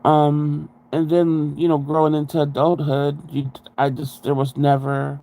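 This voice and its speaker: A man telling his own story in a casual interview, frank and halting, with blunt swearing. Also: on the high side, monotone, creaky, warm tone, rough recording.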